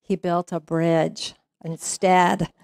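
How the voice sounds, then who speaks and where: A woman's voice: lowish voice, little pitch movement, drawn-out words, gravelly, darkish tone, clear, resonant tone, no room sound, studio quality. A woman minister giving a sermon, telling a story in a conversational way with frequent fillers. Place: church sanctuary.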